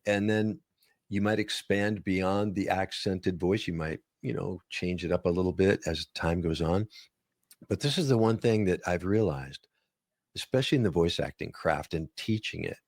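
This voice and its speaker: A man's voice: sits low, moderate pace, dry recording, studio quality. A man who grew up in northern Minnesota, telling stories in a casual interview and slipping into playful voices now and then. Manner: animated storyteller, slips into playful impressions. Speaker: guest, voice-over artist and author.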